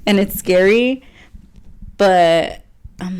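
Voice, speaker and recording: A woman's voice: fairly low pitch, steady tone, slow pace, darkish tone, clear, resonant tone. A young woman co-hosting a faith podcast, chatting casually with a rambling flow, frequent laughs and lots of "like" fillers. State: teary at moments. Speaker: podcast co-host. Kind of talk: casual chat.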